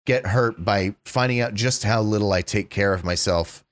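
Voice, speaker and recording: A man with a fairly low voice talks eagerly in a relaxed podcast chat, peppering his talk with "like" and "dude" and the odd swear. The recording is dry and close. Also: normal speed, no echo. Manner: excitable, says "like" and "dude" a lot, swears. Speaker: podcast co-host. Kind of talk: casual chat.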